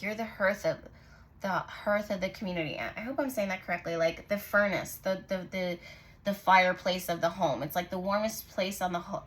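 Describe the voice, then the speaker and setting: A woman hosting her own channel, giving a casual tarot reading to camera in a soft, musing way, often pausing to say what she senses. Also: medium pitch. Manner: musing, intuitive, lots of "like" and "I just heard". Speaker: tarot reader and channel host.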